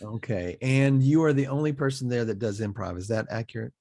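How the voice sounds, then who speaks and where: A man's voice: medium pitch, brisk, dark tone, no room sound, clean studio sound. A man hosting an online improv show over a video call, chatty and joking, with frequent fillers. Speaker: host. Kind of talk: casual online show interview. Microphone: video call mic.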